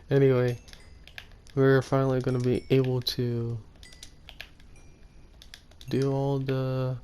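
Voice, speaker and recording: Soft-spoken man narrating gameplay slowly. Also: mid-range voice, monotone, a little hiss or hum. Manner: rambling, self-correcting, soft-spoken. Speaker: gaming YouTuber. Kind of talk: casual gameplay commentary.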